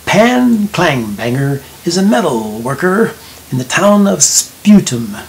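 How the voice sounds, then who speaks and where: A businesslike elderly mayor , voiced by a male narrator, lays out directions in a measured, slightly raised voice. It sounds like a storybook reading with a faint hiss behind it. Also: a little high, heavily acted, poor audio.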